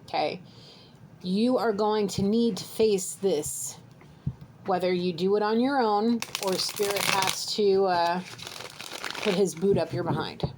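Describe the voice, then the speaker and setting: A woman's voice: medium pitch, a little slow. Lady doing a psychic reading to camera, earnest and blunt, keeps saying okay, faint hum behind her. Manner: earnest, direct, repeats "okay?" to the viewer. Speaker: psychic reader. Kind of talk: channeled tarot-style reading to camera.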